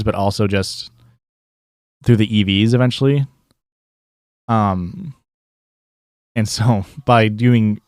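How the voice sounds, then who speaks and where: Here a young man with a lowish, darkish voice and a Midwestern accent chats loosely through his game stream. Fillers and restarts pile up as he rambles, and the studio sound is clean with no echo.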